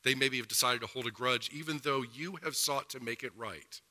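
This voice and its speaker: A man delivering a sermon from the pulpit with a very bright, sharp tone. His voice rings out in a church sanctuary with a long reverb, and he slows down to press home key points. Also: mid-range voice. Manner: earnest preaching with slowed emphasis. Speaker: pastor.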